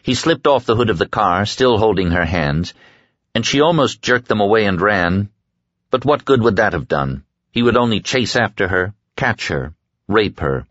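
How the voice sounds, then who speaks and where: A man reading an audiobook in a measured, steady narration. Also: on the low side, no echo. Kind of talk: scripted narration. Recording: dull, dry lo-fi audio.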